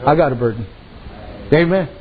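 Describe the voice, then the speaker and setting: A man's voice: on the high side, lively intonation, normal speed. A man preaching a sermon to a congregation in a folksy, plainspoken way, telling stories and raising his voice for the people he quotes. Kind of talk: sermon with storytelling. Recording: slightly dull recording with faint ambience.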